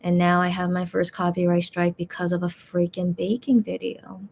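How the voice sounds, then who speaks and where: A woman's voice: on the low side, level tone, normal speed, gravelly, darkish tone, a little hiss or hum. A woman talks casually to her viewers as a channel host. She rambles, restarting sentences and filling gaps as she complains in a frustrated way. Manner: rambling, many fillers and restarts.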